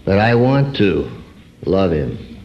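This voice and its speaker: Slow earnest male preacher, lo-fi. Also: big pitch swings. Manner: earnest, with dramatic swings between high emphasis and low drawn-out words. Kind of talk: personal testimony sermon. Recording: dull lo-fi recording.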